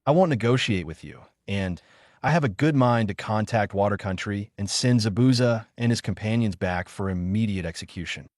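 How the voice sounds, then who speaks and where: A man voicing a stern, weary old male village leader with a deadpan manner. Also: fairly low pitch, moderate pace, dry recording, clean studio sound, close to an everyday voice.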